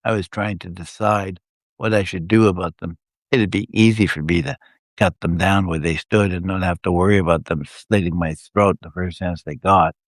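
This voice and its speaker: A man reading his own first-person adventure story aloud on a live stream, telling it in a steady way. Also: sits low, moderate pace, no echo, studio quality.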